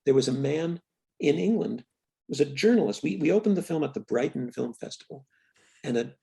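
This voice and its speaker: Here the older writer-director's voice sits fairly high, expressive, with vocal fry and some breathiness. He tells candid interview stories in a reflective way, restarting frequently and drifting into soft, trailing pauses.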